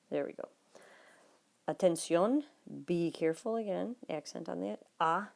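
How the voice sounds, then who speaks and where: A woman teaching a Spanish lesson, her voice low and mellow with a gravelly edge. She explains patiently and talks straight to her students. Now and then she drops to a soft murmur while writing on the page. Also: unhurried. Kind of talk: recorded classroom lesson notes.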